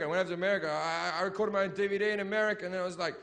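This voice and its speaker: High-voiced man doing foul-mouthed stand-up. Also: steady tone, very fast, few pauses, a faint crowd, slight background noise. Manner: heavy swearing, swings from loud shouted rants to low mumbling asides. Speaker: stand-up comedian. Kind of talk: stand-up comedy set. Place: sold-out theatre.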